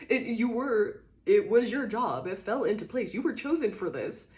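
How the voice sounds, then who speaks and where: A woman's voice: fairly high pitch, lively intonation, normal speed, hardly any pauses. Laughing, swearing tarot reader woman. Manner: laughs often, swears casually; shifts from loud bursts to quiet musing. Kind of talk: casual channeled tarot reading.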